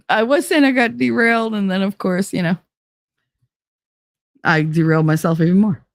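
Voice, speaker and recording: A woman's voice: mid-range voice, moderate pace, no room sound, studio quality. A woman with a New Jersey accent, tired from lack of sleep, chatting casually and profanely with her live chat and drifting off topic. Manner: rambling, profane, easily sidetracked. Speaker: livestream host.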